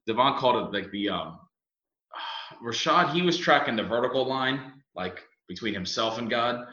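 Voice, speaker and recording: A young man hosting a podcast, chatting casually and telling animated stories with lots of fillers. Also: mid-range voice, moderate pace. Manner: animated storyteller, mimics voices, many fillers. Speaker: podcast host. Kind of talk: casual chat. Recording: echoey room, dull lo-fi sound.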